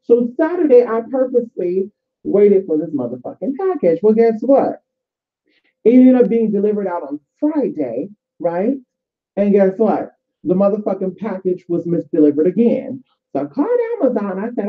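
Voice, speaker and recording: A woman's voice: mid-range voice, very animated, brisk, slight background noise. Brief: chatty, swearing woman vlogger giving spiritual advice, mid-height voice, tinny phone-like sound. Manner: profane, chatty, addresses viewers as y'all. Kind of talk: casual spiritual advice and storytelling.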